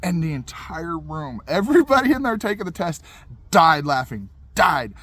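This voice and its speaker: Young male storyteller, a touch high-pitched, casual and rambling, repeats himself. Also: very animated, moderate pace, bright, forceful tone, husky, dry recording. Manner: rambling, repetitive, laid-back.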